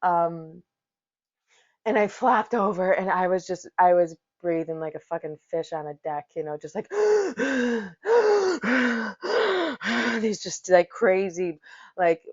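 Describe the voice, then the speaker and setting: Woman podcast host, casual storytelling, swears freely, lowish voice, muffled lo-fi sound. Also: normal speed. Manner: profane, rambling, animated storyteller. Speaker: podcast host, yoga teacher. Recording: dull lo-fi recording.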